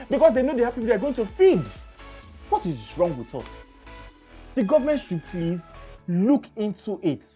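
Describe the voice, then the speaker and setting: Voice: medium pitch, dark tone. A Nigerian radio host with a Nigerian accent, delivering an emphatic opinion monologue and repeating phrases for stress.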